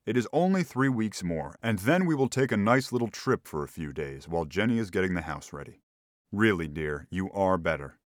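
A man's voice: low-pitched, sing-song, fairly quick, no echo, clean studio sound. A man doing a patronizing husband doctor. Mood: soothing. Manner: soothing, patronizing. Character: calm condescending male physician husband.

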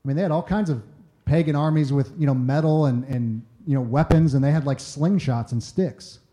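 A man's voice: on the high side, brisk, mellow. A man preaching a conversational sermon, often acting out quoted voices and repeating words as he starts sentences. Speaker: pastor.

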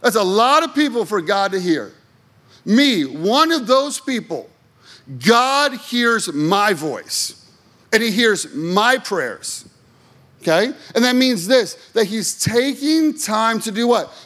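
Male pastor, sermon, high voice, emphatic questions, playful asides. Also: expressive, takes it slowly, fairly bright tone. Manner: emphatic, rhetorical call-and-response questions; joking asides to the congregation.

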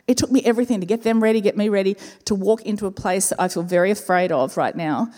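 A woman, a pastor telling a personal story in a sermon, expressive and slowing down to repeat key words. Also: mid-range voice. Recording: reverberant church hall with faint music.

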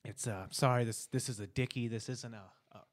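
A man in an improvised comedy scene, speaking in a sheepish, apologetic way. His pitch is mid-range. The sound is dry and close. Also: fairly even intonation, brisk, dry recording.

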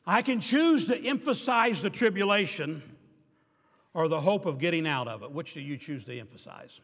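An older man delivers a sermon in a notably high voice. He swings from emphatic, drawn-out declarations to hushed, wry asides, and his words ring out with a long reverb, as if in a church sanctuary. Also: expressive, slightly rough. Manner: emphatic preaching that drops to quiet asides, with dry humor. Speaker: pastor. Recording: reverberant hall.

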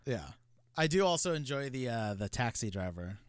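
A man's voice: mid-range voice, sing-song, moderate pace, clean tone, dry recording, studio quality. A man co-hosting a film podcast, talking casually with many filler words. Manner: chatty, many "like" and "you know" fillers. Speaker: podcast co-host.

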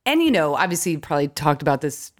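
A woman stand-up comedian chatting as a podcast guest, telling stories with quick asides and laughs. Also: low-pitched, big pitch swings. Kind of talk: casual podcast chat.

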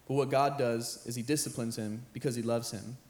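A young man, a high school pastor, preaching an earnest sermon that repeats phrases and builds in intensity. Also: steady tone, brisk, darkish tone. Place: church sanctuary with band playing behind. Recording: roomy church hall with live music.

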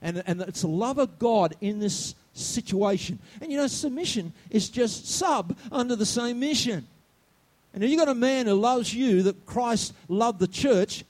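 A male pastor preaching a sermon in a high, lively voice that leaps up and down. He rises into loud outbursts, drops to low asides, and keeps checking in with the congregation. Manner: asks the congregation questions. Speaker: senior pastor.

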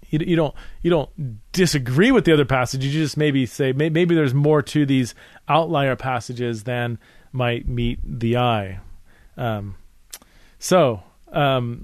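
A podcast host teaches theology in a casual, earnest spoken monologue packed with fillers and restarts. He has a medium-pitched voice, and the recording is dry.

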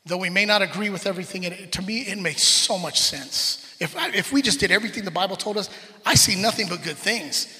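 Pastor, male, forties; animated, story-driven sermon with a bright, cutting tone, caught in a reverberant sanctuary. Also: high-pitched, fast talker. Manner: animated storytelling, acts out family scenes. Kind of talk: conversational sermon. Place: church sanctuary. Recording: reverberant hall.

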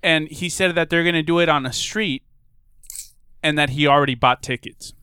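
A man in casual comedic banter, telling a story deadpan with small hesitations. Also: a little high, moderate pace, clean tone, no room sound, clean studio sound.

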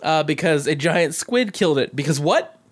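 A man with a slightly high voice talks through an old movie's plot in loose, casual podcast chat. He is sarcastic and profane, and he laughs often. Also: animated, moderate pace. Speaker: podcast co-host.

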